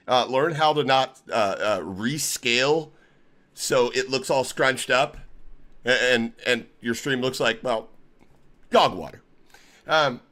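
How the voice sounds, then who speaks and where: A man's voice: mid-range voice, fairly bright tone. A man hosting a live stream, talking in a sarcastic, mock-polite and profane way. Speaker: streamer host. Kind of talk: casual live-stream rant.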